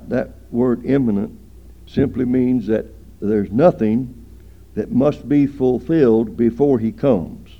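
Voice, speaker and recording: A man preaching a sermon, breaking into loud, emphatic scripture readings between plain talk to parents and children. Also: medium pitch, gravelly. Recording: dull lo-fi recording.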